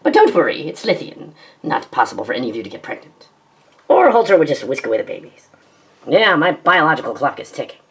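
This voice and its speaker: Woman with a deep voice, reads every part of a fan drama, sarcastic and melodramatic. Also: sing-song. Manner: quick-switching, sarcastic, melodramatic. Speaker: narrator and voice actor. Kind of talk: fan audio drama, reading many parts.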